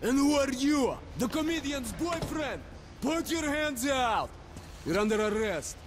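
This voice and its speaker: Harsh soldier, very high voice, lively, noisy game audio. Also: male voice, unhurried. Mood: stern. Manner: barking, authoritarian orders. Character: harsh male soldier running an inspection. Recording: game audio with background noise.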